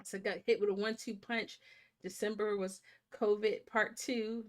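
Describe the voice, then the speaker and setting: A woman's voice: mid-range voice, flat delivery, normal speed. A woman in her thirties hosting a live movie watch stream in casual chat, a little congested from a sinus infection and greeting viewers by name.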